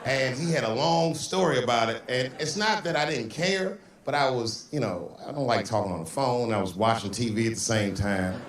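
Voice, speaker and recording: Profane storytelling comedian in an echoey hall. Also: male voice, mid-range voice, expressive, moderate pace, hardly any pauses. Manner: profane, storytelling, mimics people in quotes. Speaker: stand-up comedian. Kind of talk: stand-up routine. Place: stage in a large venue. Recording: echoey hall from far off, faint noise.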